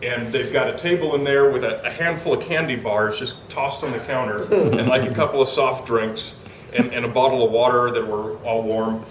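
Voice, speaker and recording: An animated man tells a comic story to a live audience, voicing the people in it. His mid-range voice rings through a roomy hall, picked up from a little way off the mic with a faint hiss behind it. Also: mid-range voice, normal speed, recorded from a distance. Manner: animated, acts out quotes, laughs while telling. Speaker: storyteller on stage.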